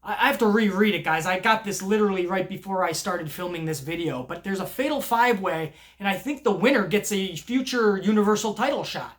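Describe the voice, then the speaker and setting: A man talking off the cuff about wrestling in a vlog, swearing freely. He rambles, restarts his sentences and jumps from point to point in loose, animated talk. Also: sits high, brisk, few pauses. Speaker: wrestling commentary vlogger. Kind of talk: casual unscripted vlog commentary.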